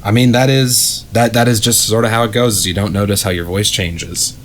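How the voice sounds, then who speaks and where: Low-voiced man hosting a podcast. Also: steady tone, a little fast, fairly bright tone, a little hiss or hum. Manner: friendly, complimentary, a bit wordy. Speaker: podcast host. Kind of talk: casual podcast chat.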